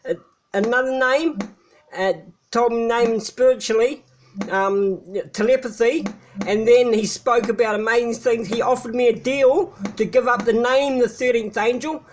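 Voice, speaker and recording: Rambling man with a very high voice. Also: fairly even intonation, moderate pace, slight background noise. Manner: rambling, hesitant, with many fillers. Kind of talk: casual monologue.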